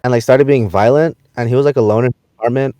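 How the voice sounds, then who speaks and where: A man's voice: medium pitch, fast, no room sound. A young man hosting a casual podcast, telling stories animatedly and acting out the people in them. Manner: animated storyteller, acts out quoted people. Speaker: podcast host. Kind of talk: casual chat.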